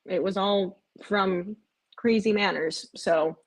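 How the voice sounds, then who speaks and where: A woman's voice: mid-range voice, fairly even intonation, takes it slowly. A woman hosting a casual live stream, chatting and rambling, and often breaking off to coax her cats in a cooing voice.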